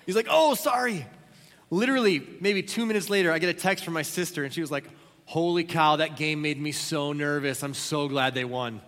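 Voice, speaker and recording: Animated preacher in a reverberant hall. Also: male voice, a little high, fairly quick. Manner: animated storytelling with sudden loud exclamations. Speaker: pastor. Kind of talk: sermon. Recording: long reverb of a large hall.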